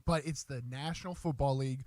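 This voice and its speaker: A man's voice: medium pitch, fairly even intonation, brisk, darkish tone, no echo, clean studio sound. A man co-hosting a sports radio show, trash-talking rival fans bluntly and mockingly. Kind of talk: casual sports talk.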